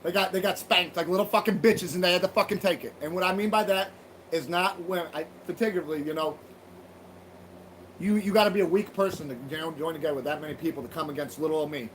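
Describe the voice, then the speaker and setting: This livestream host talks in a high voice at a quick pace, with a little hiss or hum in the audio. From home, he delivers a blunt, swear-heavy rant that rambles and restarts repeatedly.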